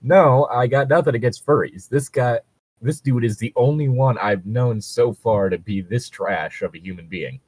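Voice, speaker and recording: A man's voice: mid-range voice, moderate pace, a little mellow, slightly rough, no echo. A man reading a first-person story post aloud on a casual podcast, playful and prone to laughing fits. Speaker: co-host reading stories.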